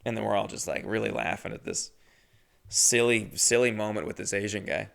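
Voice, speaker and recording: A man's voice: lowish voice, brisk, creaky, fairly bright tone. A man telling a casual, rambling story in a profane, jokey way. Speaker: podcast host telling a story.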